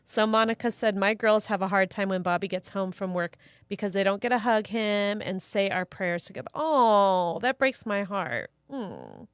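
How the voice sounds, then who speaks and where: A woman's voice: medium pitch, fairly even intonation, brisk, clean tone, no echo, studio quality. Chatty woman reading out viewer comments. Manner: warm storyteller, reads viewer comments aloud. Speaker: co-host. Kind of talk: casual chat.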